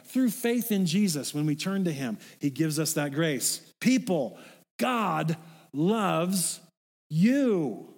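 A man's voice: a little high, lively intonation, takes it slowly, creaky. A middle-aged man preaching a sermon in a casual, folksy way, with asides to the congregation. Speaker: pastor. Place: church sanctuary. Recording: long hall reverb.

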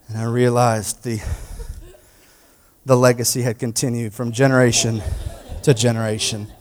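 A man preaching a sermon, telling a personal story in an animated way with many "like" fillers and sudden bursts of shouting. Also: mid-range voice, normal speed, long pauses, a faint crowd. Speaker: pastor. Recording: long church hall reverb.

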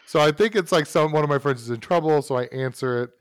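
A man's voice: on the high side, quick pace, clear, resonant tone, no room sound. Man, storyteller in casual chat, many restarts, dry sound. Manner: animated storyteller, lots of fillers and restarts.

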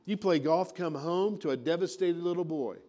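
Guy preaching, pitch a bit up, folksy, acts out little scenes. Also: normal speed, warm tone. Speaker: pastor. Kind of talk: sermon.

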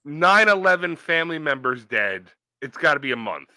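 A young man co-hosting a podcast, answering with blunt, deadpan comebacks in casual chat. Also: a little high, moderate pace, no echo. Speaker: podcast co-host.

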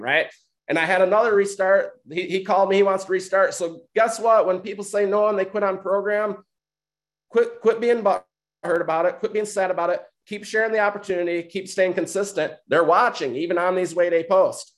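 A man's voice: sits high, moderate pace. A man from Michigan who coaches other coaches, giving a motivational talk. He talks emphatically, repeats his points and keeps checking in with "right?" and "okay?".

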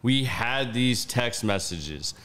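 A man hosting a podcast, telling stories in a casual, profane, animated way. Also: medium pitch, slow. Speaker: podcast host.

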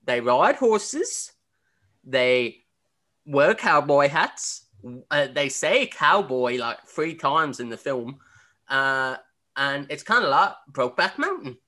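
Bright-voiced man, rambling and jokey. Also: on the high side, big pitch swings, slow. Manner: rambling, jokey, laughs often. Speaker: podcast co-host. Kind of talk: casual comedic chat.

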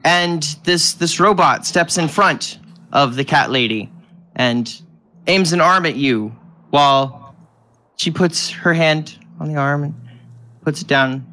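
A man's voice: a little high, takes it slowly, pushed and bright. A man narrating a tabletop game as game master, describing scenes with restarts and little sound effects.

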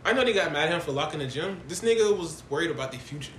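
Guy cohosting a podcast, rapid and all over the place, slangy, kinda echoey room. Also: a little high, a little hiss or hum. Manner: animated, slangy, breaks into movie impressions. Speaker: podcast co-host. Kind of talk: casual chat. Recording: echoey room with faint ambience.

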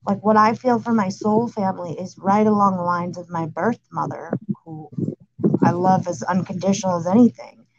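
A woman calmly and confidently explaining spiritual ideas in a casual conversation, speaking with assurance. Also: mid-range voice, moderate pace, gravelly, muffled recording, crowd noise. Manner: calm, assured, speaks of light codes. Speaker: spiritual guide.

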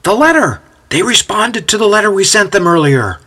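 A man voicing an eager, excitable young male disciple who talks with breathless enthusiasm. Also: high voice, slow pace, slightly rough, voice pushed up, heavily acted. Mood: excited.

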